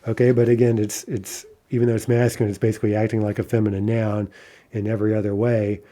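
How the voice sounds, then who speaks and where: A man's voice: lowish voice, little pitch movement, fast, dark tone. A man teaching an online language lesson, going through examples one by one and checking in with the listener. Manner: methodical, checks in with "right?" and "okay".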